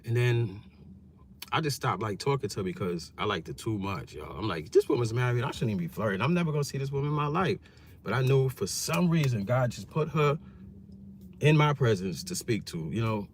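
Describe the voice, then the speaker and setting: Animated New man vlogging from his car. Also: mid-range voice, brisk, a little hiss or hum. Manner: animated, slangy storytelling. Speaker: YouTuber. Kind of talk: casual vlog commentary.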